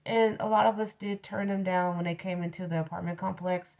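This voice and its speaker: A woman's voice: fairly low pitch, steady tone, brisk, vocal fry, a little mellow, muffled recording. A woman telling a personal story in a blunt, profane, ranting way, casually addressing her audience. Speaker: storyteller host.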